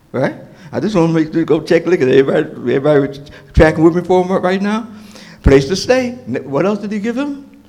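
A male pastor delivers a sermon in an animated, emphatic way, often stopping to check that the congregation is following. His voice sits a little high and swings widely in pitch. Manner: animated, emphatic, with fillers and restarts, asks the congregation questions.

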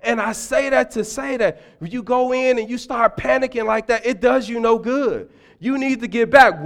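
A middle-aged man preaching a sermon in church, telling stories with humor and sudden loud bursts. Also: very high voice. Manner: animated storytelling, humorous asides, loud bursts. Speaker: deacon preaching.

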